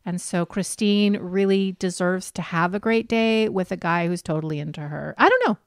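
A woman co-hosting a casual podcast, recapping a show with profanity and animated retellings. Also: lowish voice, moderate pace, clear, resonant tone, no room sound, studio quality. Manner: profane, animated, acts out quotes. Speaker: podcast co-host.

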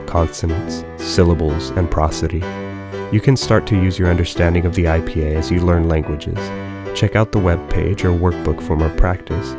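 A man narrating a language lesson in a calm, measured, explanatory way. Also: low voice. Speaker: language teacher. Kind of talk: scripted educational narration. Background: guitar music.

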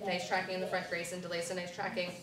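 A woman teaching first graders to blend words, with clear, directive prompts and counting down. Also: lowish voice, completely flat delivery, fast talker, a crowd in the background. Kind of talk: classroom reading lesson. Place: classroom. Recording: echoey classroom from far off, children around.

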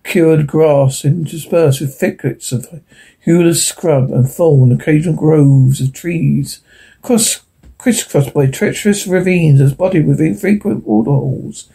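A man narrating a science fiction story as an audiobook, steady, with occasional slips and restarts. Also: a little high, a little slow, gravelly, slightly rough.

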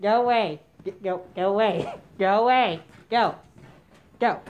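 A woman doing a comic sketch rant, exasperated and yelling "no" over and over. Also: mid-range voice, unhurried, dull audio. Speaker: comedy video maker.

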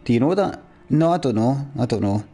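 A young man chats through a live game stream, swearing freely as he rants back at viewers. His voice is a touch husky and sits at an ordinary middle pitch, with faint game music in the background. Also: animated, fairly quick, dark tone. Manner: sweary, ranting at chat in a mock-exasperated way. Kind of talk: casual live-stream chat.

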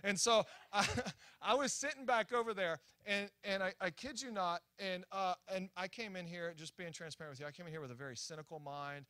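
Young guy preaching, super animated, bright sharp voice, dry close sound. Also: high-pitched, brisk, clean tone, no room sound. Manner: animated, excitable, acts out quotes, many restarts. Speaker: guest preacher. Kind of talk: sermon storytelling. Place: church sanctuary.

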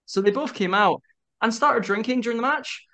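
A man in his twenties, a wrestler guest on a video-call podcast, telling a story in quick animated bursts and laughing often. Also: very high voice. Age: 20s. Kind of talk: casual interview chat.

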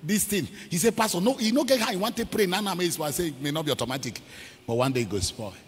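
A male evangelist with a Nigerian accent tells a story during a sermon in a large church hall, performing its quotes, leading shouted prayers and dropping in pidgin. His voice is high and slightly rough, quick-paced, with lively intonation. Sound lingers in a long reverb tail.

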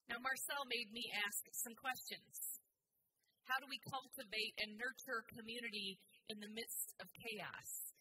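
A woman's voice: medium pitch, noisy background. A woman pastor giving an earnest, reflective sermon in a church, asking the congregation questions. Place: church sanctuary.

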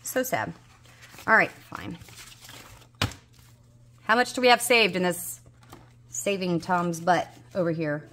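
A woman's voice: on the low side, lively intonation, slow, long pauses, a bit bright, a little hiss or hum. A woman, a budgeting vlogger chatting casually to viewers, coaxing and scolding her dice, a little unwell and tired. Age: 30s. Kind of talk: casual chat to viewers while rolling dice.

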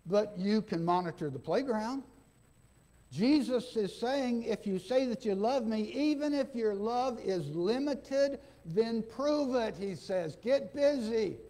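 A male pastor delivers a folksy sermon in a church, his voice sitting notably high for a man. He keeps checking in with the congregation and slips into the speakers he quotes to act out their lines. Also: a little mellow. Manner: folksy, asks the congregation "okay?", acts out quoted dialogue. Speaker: interim pastor. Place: church sanctuary.

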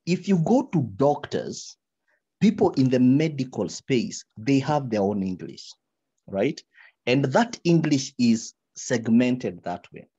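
Animated workshop speaker. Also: medium pitch, takes it slowly, breathy edge, dull audio. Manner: animated, repeats words while searching for them, drops into quoted examples. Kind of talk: advice talk in a webinar.

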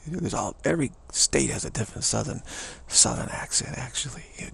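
A man's voice: medium pitch, lively intonation, fast, creaky, few pauses, a bit bright, husky. A man rambling playfully in a casual monologue outdoors about how to do regional accents. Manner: playful, rambling, many fillers. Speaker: spiritual vlogger. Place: outdoors, cold.

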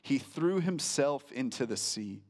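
A male pastor preaching a sermon in a conversational way, slowing down for emphasis and acting out quotes. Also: mid-range voice, expressive. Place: church sanctuary. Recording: reverberant church hall.

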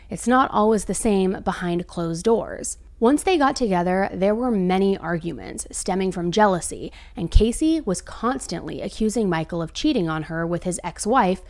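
A woman's voice: lowish voice, darkish tone. A woman hosting a true crime show, telling the case in a casual, chatty way with asides to her viewers. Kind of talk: true crime storytelling to camera.

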